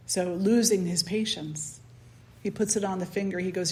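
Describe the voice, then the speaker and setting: A woman spiritual teacher giving a satsang, telling a story calmly and leading a guided meditation. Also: mid-range voice. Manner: calm, unhurried storytelling.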